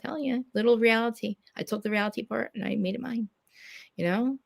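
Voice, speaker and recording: A woman hosting a live podcast, talking fast and loud in blunt, swearing casual chat. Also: fairly high pitch, creaky, no room sound, clean studio sound. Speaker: podcast host.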